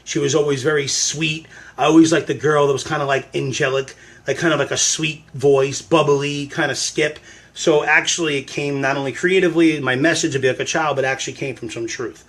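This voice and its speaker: A man's voice: fairly high pitch, steady tone, a little fast, a bit bright. A man hosting a casual livestream Q&A with fans, hamming up mock frustration and sudden outbursts. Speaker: livestream host answering fan questions. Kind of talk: casual live-stream Q&A.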